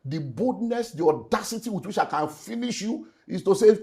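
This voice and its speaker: A middle-aged man with a Nigerian accent, a pastor talking about his life in an emotional way that rises into loud, emphatic bursts. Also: sits high, animated, moderate pace. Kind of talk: candid personal testimony in conversation.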